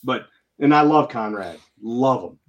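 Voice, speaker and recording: A man, a retired Air Force NCO, telling old stories to friends in a lively, laughing, swearing way. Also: mid-range voice, unhurried, dull audio. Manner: animated, laughing, swearing, acting out quotes. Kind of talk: casual storytelling among old friends.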